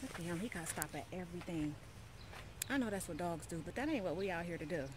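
Walking her dog outdoors on a neighborhood walk, a woman chats casually to her viewers in a fairly low, animated voice, speaking fast and sometimes slipping into baby talk. She sounds sweaty and a bit out of breath, with noisy background.

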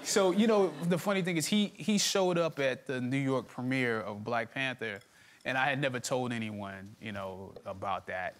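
A man telling a story as a chat show guest, relaxed and laughing easily. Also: mid-range voice, normal speed, background noise. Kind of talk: casual chat anecdote. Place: TV studio with audience.

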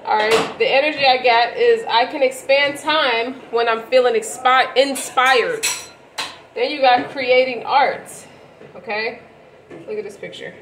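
A woman with a slightly high voice reads tarot cards casually for an audience. Her talk is loose and slangy, and she restarts and corrects herself as she goes. A faint noise sits behind her. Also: a little slow. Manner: rambling, slangy, self-correcting. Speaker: tarot reader. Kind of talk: casual tarot reading to camera.

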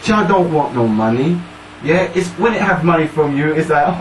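Emphatic male speaker, higher-pitched, room echo, some faint hiss. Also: animated, moderate pace. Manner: emphatic, repeats "yeah?" to the listener. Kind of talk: casual discussion. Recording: roomy, distant mic, faint noise.

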